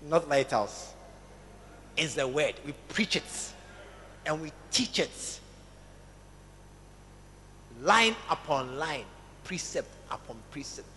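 A man preaches to his church, his voice high and bright with a forceful edge. He talks slowly and emphatically, repeating phrases and calling on the congregation to say amen. Long reverb from the church hall trails each phrase. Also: animated, slight background noise. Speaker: pastor. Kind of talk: sermon.

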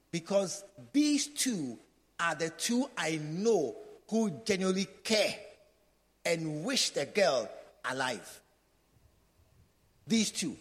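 A man's voice: extremely high pitch, fairly bright tone. A man preaching a sermon, dramatically acting out the voices of doubters and calling for responses from the congregation. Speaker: pastor. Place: church hall. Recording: long reverb of a large hall.

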